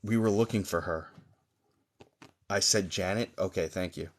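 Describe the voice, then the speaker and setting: A man working as a psychic medium, doing a live-streamed reading for viewers in a halting, searching way, with many pauses and fillers, and gently reassuring them. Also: sits low, a little hiss or hum.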